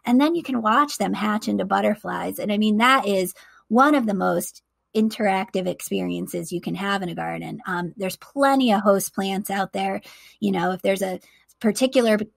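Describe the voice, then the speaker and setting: Chatty woman with a creaky voice. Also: mid-range voice, moderate pace, dry recording. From eastern United States. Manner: enthusiastic, chatty, laughs easily. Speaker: podcast co-host. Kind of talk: casual chat.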